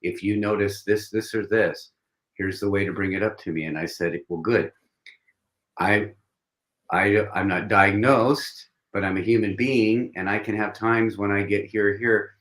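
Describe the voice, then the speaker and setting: A man with a lowish voice joins a casual livestream chat as a guest. He reflects out loud and shares personal stories. He often stops and restarts his sentences as he goes. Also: steady tone, measured pace, roomy sound.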